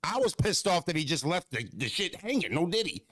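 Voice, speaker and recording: Talking a little fast, a streamer with a fairly high male voice spins a casual story for his chat, cursing freely and lurching from excited highs to low, mocking tones. His voice is captured dry and close-up, with no echo and barely any room around it.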